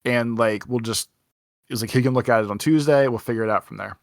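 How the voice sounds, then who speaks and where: A man's voice: mid-range voice, fairly quick, creaky, no room sound, clean studio sound. A young man co-hosting a podcast, telling a rambling anecdote full of "like" and acted-out quotes in a casual chat. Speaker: podcast co-host.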